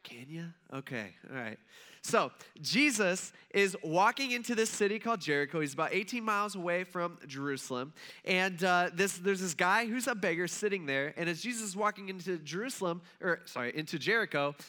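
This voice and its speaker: A man's voice: high-pitched, expressive, fairly quick, bright, forceful tone. A man from Ohio giving a casual Bible lesson, chatty and checking in with his listeners. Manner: conversational, checks in with listeners, many fillers. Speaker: Bible teacher.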